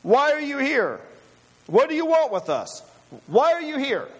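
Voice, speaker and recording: A man's voice: very high voice, big pitch swings, a little slow, in a large hall, full character voice. A man voicing a frightened demon possessing a man, panicked and repeating anxious questions. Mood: fearful.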